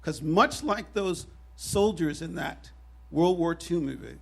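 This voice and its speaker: Husky high-voiced male storyteller. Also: takes it slowly. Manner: animated, wry, self-deprecating humor. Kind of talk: live personal storytelling on stage. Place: stage at a live storytelling show.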